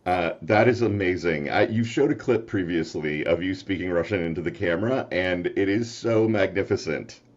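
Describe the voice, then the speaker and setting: A man co-hosting a podcast in casual chat, quick to laugh and supportive of his friends. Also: low voice, muffled recording. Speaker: podcast co-host.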